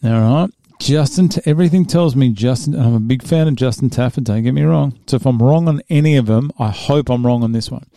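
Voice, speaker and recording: A man's voice: mid-range voice, a little fast, gravelly, dark tone, no echo. An Australian man hosting a casual talk show and giving fight picks, joking and rambling and stumbling over names. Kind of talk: casual chat.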